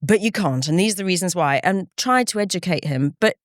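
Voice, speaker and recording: A middle-aged woman with a slightly low voice talks through hard memories in an interview, earnest and reflective. She often slips into quoted speech as she recalls conversations. The sound is close and dry, with no room around it. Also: animated, brisk, no room sound. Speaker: campaigner guest. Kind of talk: candid interview talk.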